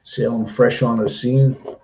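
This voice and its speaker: A man's voice: medium pitch, fairly even intonation, unhurried, creaky, warm tone, muffled recording, slight background noise. A middle-aged man chatting casually on a live stream, rambling and repeating himself as he talks.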